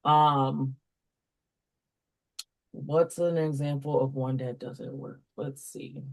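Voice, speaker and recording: A woman's voice: a bass voice, fairly even intonation, takes it slowly, vocal fry. A woman walking through reading correction steps as a tutor trainer, explaining step by step with fillers while pointing at examples. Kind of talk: instructional walkthrough.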